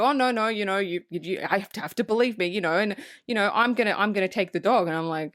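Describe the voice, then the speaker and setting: A woman co-hosting a podcast in a casual movie review chat, excited and swearing freely as she acts out quotes. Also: medium pitch, fast talker, no room sound, clean studio sound. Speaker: podcast co-host. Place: podcast recording space.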